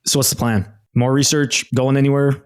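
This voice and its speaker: A man narrating as game master of a tabletop role-play, relaxed and rambling with fillers. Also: medium pitch, normal speed, dry recording, clean studio sound.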